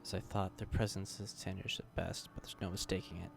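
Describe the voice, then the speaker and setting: An actor playing a grim, wary male dragoon warrior in a game cutscene, speaking in a measured, brooding way. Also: deep voice, flat delivery, vocal fry, music in the background.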